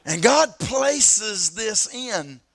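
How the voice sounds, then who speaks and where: A pastor from the southern United States with an East Tennessee accent, preaching a sermon in a storytelling way, repeating words and stretching out key phrases. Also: male voice, sits high, lively intonation, extremely slow, vocal fry, a bit bright. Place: church sanctuary.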